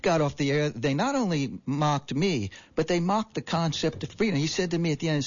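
A man's voice: a little high, lively intonation, a little fast, few pauses, lo-fi sound. Indignant man rambling on talk radio. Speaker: radio guest. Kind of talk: animated call-in radio talk.

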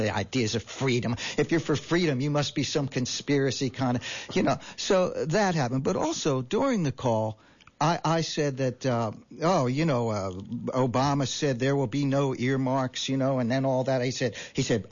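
A man's voice: mid-range voice, muffled recording. A man guest on a call-in radio show, telling his story in an indignant, rambling way. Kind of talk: animated call-in radio talk.

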